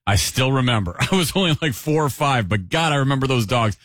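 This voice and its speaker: A man's voice: medium pitch, lively intonation, brisk, fairly bright tone, dry recording, clean studio sound. A man co-hosting a radio show, rambling through wry stories and jokes. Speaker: radio co-host. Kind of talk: casual radio chat.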